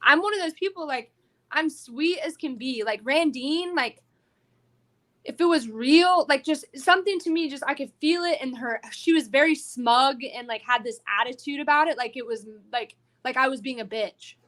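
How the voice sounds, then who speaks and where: A woman bare-knuckle fighter telling her story in a casual podcast interview, animated and profane, full of "like". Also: high-pitched, normal speed.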